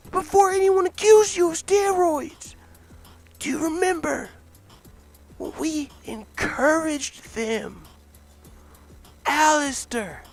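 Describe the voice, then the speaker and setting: A man voicing a middle-aged male fight promoter in a comic fan story, coaxing slowly and earnestly, then dictating terms like a shrewd businessman. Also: very high-pitched, fairly bright tone, voice pushed up, full character voice.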